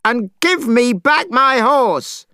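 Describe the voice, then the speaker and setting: A man voicing a brash, hot-tempered male monkey hero in a storybook reading, shouting and scolding. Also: high voice, animated, slow, clear, resonant tone, no echo, clean studio sound, pitched above the performer's own voice, exaggerated voice. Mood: angry shouting.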